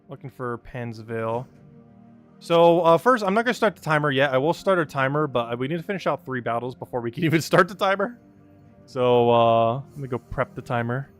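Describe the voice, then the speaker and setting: A man's voice: medium pitch, clean tone. A man streaming a game live, chatting casually, reading and greeting chat, and laughing often.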